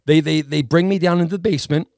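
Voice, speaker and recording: A man's voice: on the high side, fast, gravelly. A man co-hosting a podcast, telling a long story in casual chat and acting out the other people in it with big voice swings. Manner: animated storyteller, acts out voices in quotes. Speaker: podcast co-host.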